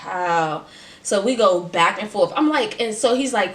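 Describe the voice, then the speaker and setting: A woman in her twenties telling a storytime vlog in a casual, animated and sassy way, full of slang. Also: mid-range voice, unhurried, recorded from a distance. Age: 20s. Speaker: vlogger. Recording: roomy, off-mic.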